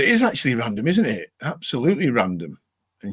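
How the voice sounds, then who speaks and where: A man with a northern English accent hosts a casual live stream, reading out viewer comments and rambling along with lots of fillers. His medium-pitched voice has a sing-song quality, and he speaks at a normal speed.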